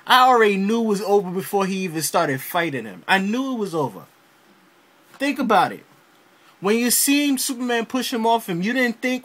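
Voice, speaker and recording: An excitable man reviews a game as if he were telling it to friends, swearing freely and acting out his own reactions as he goes. His voice sits high for a man and has a bright, sharp edge. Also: normal speed. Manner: animated storyteller, heavy slang and swearing, acts out his reactions. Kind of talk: casual, profane video review.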